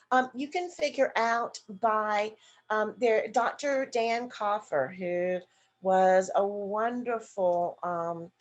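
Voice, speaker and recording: A woman nurse educator teaching an online seminar, acting out example questions and answering her own questions as she explains. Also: medium pitch. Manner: demonstrative, acts out example questions to a partner. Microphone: video call.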